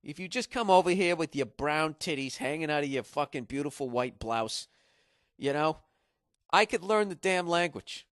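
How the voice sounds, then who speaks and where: A man's voice: fairly high pitch, normal speed, a bit bright, no echo, studio quality. A man from Massachusetts hosting a solo podcast, rambling in a profane, sarcastic way. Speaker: podcast host.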